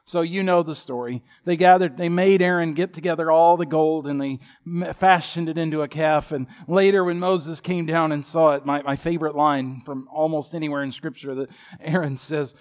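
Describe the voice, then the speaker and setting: A man's voice: on the high side, normal speed. Folksy, joking preacher in his fifties. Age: 50s. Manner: folksy, humorous, animated storytelling. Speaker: pastor. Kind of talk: sermon.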